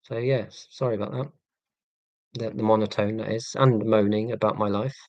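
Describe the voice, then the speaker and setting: Casual live-stream host: man, flat monotone, deadpan self-mocking humour, dry close sound. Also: lowish voice, normal speed, dry recording, lo-fi sound. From England. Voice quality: monotone delivery.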